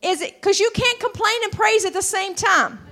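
High-voiced woman preaching. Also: expressive, moderate pace, faint music behind. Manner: rising to shouted fervor, calls of hallelujah. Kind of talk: sermon.

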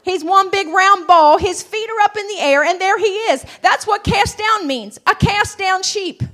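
A woman preacher, delivering a sermon that builds to shouted fervor with calls of hallelujah. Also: very high-pitched, moderate pace.

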